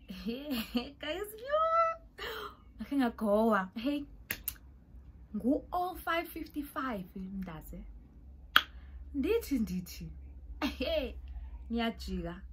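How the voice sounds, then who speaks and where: A young South African woman with a South African accent, telling an animated storytime vlog and acting out the voices in it. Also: medium pitch, slight background noise. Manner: animated, mixes in Zulu and Xhosa phrases, acts out voices. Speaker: YouTuber.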